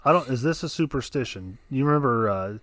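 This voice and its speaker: A man's voice: medium pitch, expressive, fairly quick, a bit bright, dry recording. Dry-voiced man chipping in on a podcast. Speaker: podcast co-host. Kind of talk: casual chat.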